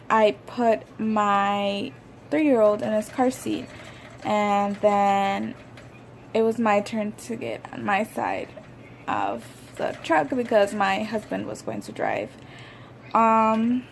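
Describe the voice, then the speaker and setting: A woman's voice: mid-range voice, a little hiss or hum. A young woman vlogger telling a personal story in a rambling, conversational way, with many fillers. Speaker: YouTuber. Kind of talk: casual storytime vlog.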